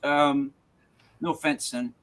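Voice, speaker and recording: A man's voice: on the high side, steady tone, slow, a bit bright. A man co-hosting a live paranormal news show, chatting casually and wandering off on jokey tangents. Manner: rambling, goes off on tangents, jokey. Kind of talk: casual chat.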